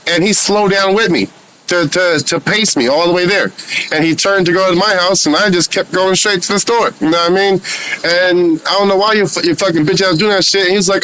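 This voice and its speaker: A man with a fairly high, smooth, resonant voice recounts events in casual first person. He talks in a heated, profane way and often restarts his sentences as he goes. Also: a little fast, bright, forceful tone, poor audio. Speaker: vlogger recounting an encounter.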